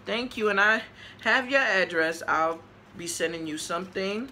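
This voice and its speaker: A chatty woman with a New York accent talks to her viewers while opening mail, gushing over each card. Her voice is bright and forward. A faint background hum sits under it. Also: mid-range voice, moderate pace. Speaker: vlogger. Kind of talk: casual mail-opening vlog.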